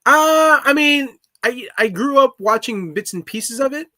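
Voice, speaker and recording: Speaking at a measured pace with lively intonation, a man with a very high, bright, forceful voice co-hosts a podcast in casual chat, full of fillers and restarts. The recording is dry with clean studio sound.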